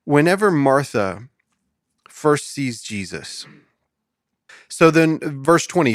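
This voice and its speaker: A man hosting a podcast, reading scripture aloud slowly and asking his guest questions in a casual Bible study conversation. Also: a little high, sing-song, dry recording, studio quality. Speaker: podcast host.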